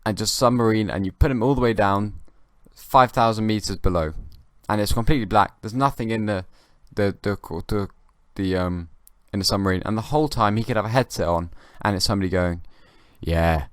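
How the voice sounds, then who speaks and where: A young man hosting his own comedy podcast, rambling in a halting, dry way with many restarts. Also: on the low side, no room sound. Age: young adult. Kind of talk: rambling comic monologue.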